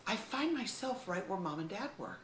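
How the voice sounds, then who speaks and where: A woman's voice: medium pitch, very animated, normal speed, echoey room, slight background noise, poor audio. A woman in her fifties giving heartfelt advice to camera, talking expressively and with emphasis. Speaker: video host.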